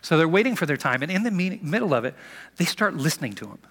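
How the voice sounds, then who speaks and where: A male pastor delivers a sermon in a chatty, storytelling way. His pitch is slightly high and swings widely as he speaks. A long reverb from the church sanctuary follows each line. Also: quick pace, husky. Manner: animated, conversational storytelling. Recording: long reverb of a large hall.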